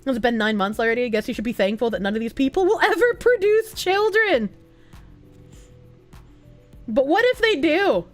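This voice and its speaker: A young woman streamer reads chat aloud, thanks donors and laughs easily. Her voice sits high and swings widely in pitch. Soft music plays faintly behind her. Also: big pitch swings, normal speed, long pauses. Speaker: livestreamer. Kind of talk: live stream chat reading.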